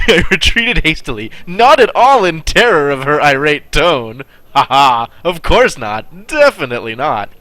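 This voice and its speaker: A male streamer reading a text adventure out loud and commenting on his choices in a wry, chatty way. His voice is bright and lively, moving up and down in pitch. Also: measured pace, no echo. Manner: wry, chatty asides while reading aloud. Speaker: streamer playing a text game. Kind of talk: live game play with narration.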